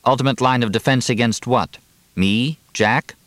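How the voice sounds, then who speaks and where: A man's voice: mid-range voice, moderate pace, a bit bright, no room sound, pitched above the performer's own voice, close to an everyday voice. A man voicing a dry, terse middle-aged father. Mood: wry.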